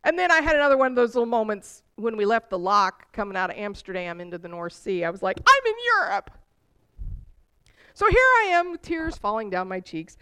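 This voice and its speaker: A woman giving a sermon, telling personal stories in an animated way that rises with emotion. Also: medium pitch, fast talker, hardly any pauses, smooth. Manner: animated storytelling, voice rising with emotion. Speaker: preacher.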